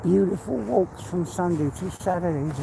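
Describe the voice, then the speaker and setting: English man, outdoor walking vlog, rambling, heartfelt, breathy from walking, faint background noise. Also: high voice, moderate pace. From England. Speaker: vlogger. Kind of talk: casual walk-and-talk monologue. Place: outdoors on a walk.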